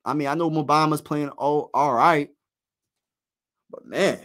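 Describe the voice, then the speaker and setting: Excited fan host calling a basketball game. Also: male voice, a little high, unhurried. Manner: excited partisan, slangy, talks to chat. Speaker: livestream play-by-play host. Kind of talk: casual live fan play-by-play.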